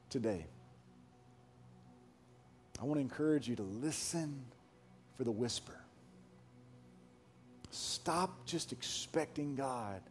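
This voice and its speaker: A male pastor preaching a sermon and then praying at a church service, swinging between near-whispers and loud shouted questions. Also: on the high side.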